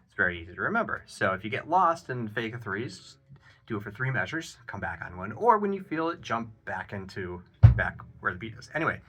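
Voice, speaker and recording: A man giving a casual drum lesson, counting beats aloud and explaining an exercise in a relaxed, encouraging way with plenty of ums and uhs. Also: on the low side, brisk. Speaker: drum teacher. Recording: loud drum playing behind the voice. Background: drum kit playing.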